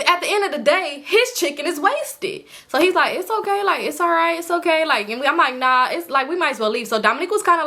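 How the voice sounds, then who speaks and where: Young woman vlogger, high, fast talker, casual storytime, animated quoting. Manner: animated, acts out quotes of friends; swears casually, addresses viewers as y'all.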